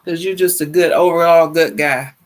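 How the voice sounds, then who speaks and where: A woman in her fifties hosting a casual livestream, chatty and lively, greeting viewers by name and often repeating herself in colloquial phrasing. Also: low-pitched, moderate pace. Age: 50s. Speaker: livestream talk show host. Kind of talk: casual livestream chat, reading viewer comments.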